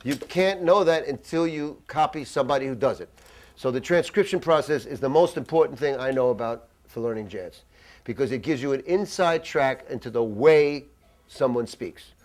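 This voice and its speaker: A man teaching a jazz masterclass in a conversational, animated way, tossing in acted asides, in a dry room. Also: medium pitch, normal speed. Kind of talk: masterclass lecture. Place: dry room with little reverb.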